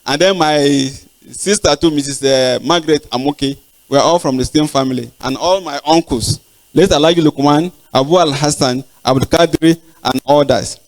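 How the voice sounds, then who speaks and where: Older Nigerian man giving thanks. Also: a little high. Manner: halting, with pauses and repeated words. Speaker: professor giving lecture. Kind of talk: acknowledgements in a formal lecture. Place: large auditorium.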